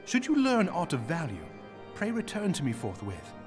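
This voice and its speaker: A man's voice: a little high, huge pitch swings, moderate pace, music in the background. An actor playing a gracious, stately older nobleman in a video game, speaking in formal, archaic courtly phrasing. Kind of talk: video game cutscene voice acting.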